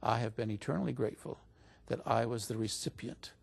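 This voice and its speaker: A man's voice: medium pitch, fairly quick, vocal fry, breathy edge. A man as an interview guest, telling a story in a casual way and lifting his voice when he quotes other people. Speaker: interview guest recounting stories.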